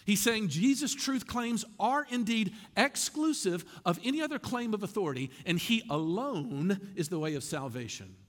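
A man's voice: sits high, long reverb tail. A male pastor preaching a sermon in a conversational way, turning often to speak straight to his listeners.

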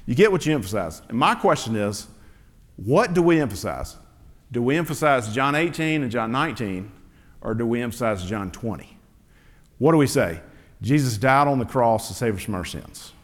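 A man's voice: medium pitch, expressive, normal speed. A man giving a conversational sermon, asking rhetorical questions, with plenty of fillers and restarts. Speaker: pastor. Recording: long hall reverb.

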